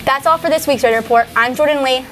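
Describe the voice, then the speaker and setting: A teenage girl reading school sports and club news, brisk. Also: sits high, fairly bright tone, rough recording. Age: teens. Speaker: student reporter. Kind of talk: school announcements.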